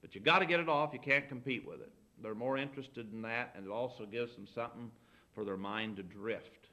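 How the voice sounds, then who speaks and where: A man's voice: medium pitch, fairly quick, bright, forceful tone, muffled recording. A middle-aged man giving folksy, anecdotal advice as a pastor, acting out bits of dialogue as he teaches. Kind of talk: folksy sermon talk.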